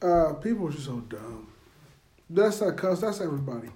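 A woman's voice: low voice, very animated, normal speed, dark tone, a little hiss or hum. A woman co-hosting a casual podcast chat, blunt and profane, laughing as she talks. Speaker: podcast co-host.

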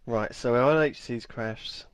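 A man co-hosting a podcast, chatting casually, excitable and swearing often. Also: mid-range voice, measured pace, clear, resonant tone, no room sound. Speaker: podcast co-host. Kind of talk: casual chat.

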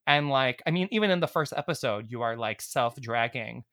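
A man's voice: mid-range voice, animated, a little fast, fairly bright tone. A man hosting a casual interview, talking with fan enthusiasm and lots of filler words. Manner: enthusiastic, gushing fan talk full of "like".

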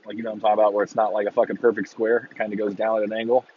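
A man ranting casually on a podcast, swearing freely and breaking into loud mocking impressions of fans. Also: fairly low pitch, little pitch movement, rapid-fire, narrow, tinny audio, slight background noise. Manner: profane, exasperated ranting with mocking shouted impressions. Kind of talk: casual rant.

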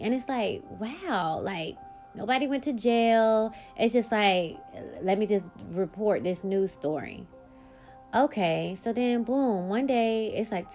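A woman hosting her own podcast, telling a personal story in a blunt, animated way and swearing freely. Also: mid-range voice, gravelly. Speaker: podcast host.

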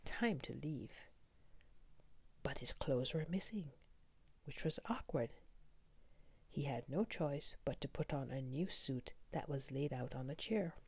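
A woman reading a fairy tale aloud in a soft, slow whisper. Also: extremely low pitch, breathy edge, dry recording. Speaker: storyteller. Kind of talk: whispered storytelling.

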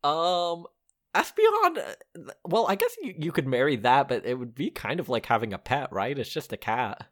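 A man's voice: on the high side, very animated, moderate pace, fairly bright tone. A man co-hosting a podcast, chatting casually with a joking, playful manner and frequent laughs. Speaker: podcast co-host. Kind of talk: casual comedic chat.

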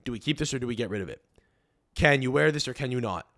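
A man's voice: mid-range voice, animated, fast, fairly bright tone. Ranting profane podcast host man. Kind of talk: comedic monologue.

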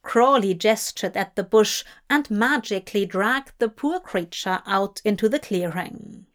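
A woman narrating a story in a measured, even storytelling manner. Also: mid-range voice.

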